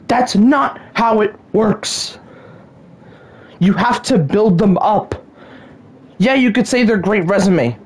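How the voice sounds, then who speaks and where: A woman hosts a solo rant podcast in an exasperated tone, often sighing and stumbling over her words. Her voice is husky, and her pitch swoops widely between highs and lows. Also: darkish tone. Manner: exasperated ranting, sighs and stammers. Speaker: podcast host.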